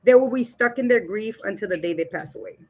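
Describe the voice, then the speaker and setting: A woman's voice: medium pitch, expressive, fast. A woman hosting a casual livestream, reading viewer comments aloud and talking straight to her chat in a blunt, loose way, swearing and laughing as she goes. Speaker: livestream host.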